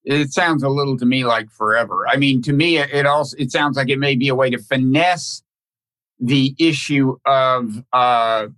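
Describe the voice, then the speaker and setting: A man hosting a podcast conversation, talking in a halting, thoughtful way with many restarts and repeated words. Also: medium pitch, steady tone, a bit bright. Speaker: podcast host. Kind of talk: casual conversational interview.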